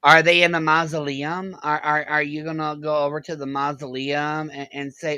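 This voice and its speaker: A woman's voice: sits low, flat delivery, normal speed, few pauses, bright, forceful tone, no echo, poor audio. A woman reacting to clips with sarcastic remarks, often breaking into laughter. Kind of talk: reaction commentary.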